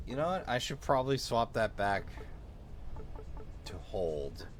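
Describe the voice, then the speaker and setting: A man's voice: mid-range voice, very animated, a little slow, faint music behind. Man muttering through gameplay commentary. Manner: quiet muttered asides while reading menus. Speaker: let's play host.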